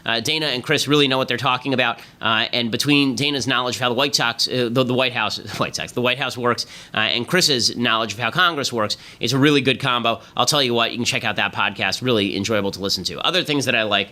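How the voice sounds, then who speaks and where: Fast-talking sardonic male podcast host. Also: medium pitch, sharp tone. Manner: rapid, sardonic, emphatic. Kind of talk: political commentary monologue.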